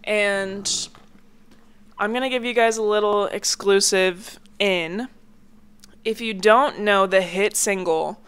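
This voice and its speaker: A woman's voice: mid-range voice, fairly bright tone, clean tone. Chatty young woman rambling on a podcast. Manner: chatty, rambling, lots of "like" fillers. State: a bit congested. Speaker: podcast host. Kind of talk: casual solo chat. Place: home, near a hallway.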